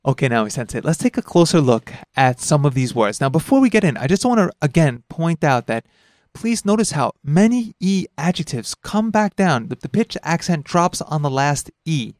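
Male lesson host, relaxed and chatty, dry studio read. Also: moderate pace, no room sound. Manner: chatty, laughs easily, explains pitch accent. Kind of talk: casual lesson podcast.

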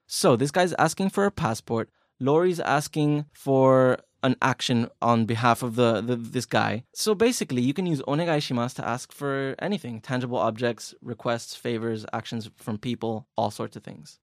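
A man's voice: mid-range voice, normal speed, hardly any pauses, no echo. Chatty male language-lesson host, dry sound. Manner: chatty, encouraging, plays out scenes.

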